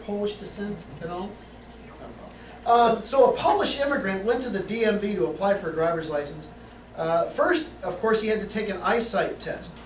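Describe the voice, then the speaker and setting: A man hosting an organ concert, teasing the audience with goofy, corny jokes. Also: sits high. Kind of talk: joking concert patter. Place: organ showroom hall. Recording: roomy, distant, faint room noise.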